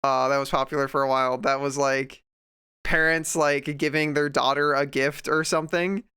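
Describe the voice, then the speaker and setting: A man's voice: medium pitch, fairly even intonation, normal speed, sharp tone, clean tone. A young man streaming while drawing, chatting casually and ranting sarcastically at a desk microphone. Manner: sarcastic, ranting, mocking voices of others.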